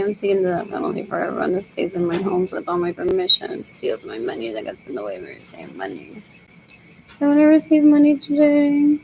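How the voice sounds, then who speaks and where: A woman's voice: mid-range voice, darkish tone, a little hiss or hum, rough recording. A young woman rambling in a solo monologue, repeating herself and muttering as if to herself.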